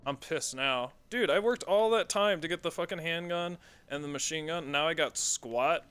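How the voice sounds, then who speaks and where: A man's voice: a little high, normal speed, a bit bright, smooth. A man streaming a horror game, giving casual commentary full of swearing and sarcastic reactions.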